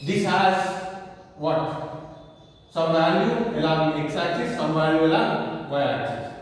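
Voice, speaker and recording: Indian guy teaching physics slow, keeps asking clear?, voice far off in a big echoey room. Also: a little high. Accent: Indian English. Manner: slow, repeats checking questions like "clear?" and "understand?". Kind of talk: online class lecture. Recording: echoey hall, voice far from mic.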